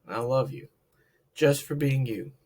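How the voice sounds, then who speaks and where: A man voicing a loving father who quietly and gently tells his child he is proud of them. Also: medium pitch, unhurried, voice pushed down, natural voice. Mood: tender.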